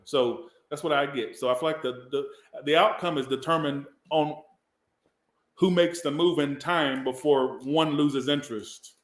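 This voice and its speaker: A man's voice: on the high side, fairly even intonation, measured pace, reverberant. Rambling Southern man reading tarot. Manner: rambling, emotional, swears casually. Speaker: tarot reader. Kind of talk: casual tarot reading livestream.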